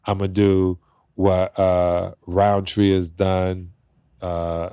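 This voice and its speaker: A man in his fifties, a podcast guest, telling animated stories and acting out the voices of the people in them. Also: deep voice, takes it slowly, smooth, no room sound. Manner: acts out quoted voices, laughs while telling stories. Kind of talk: animated storytelling in conversation.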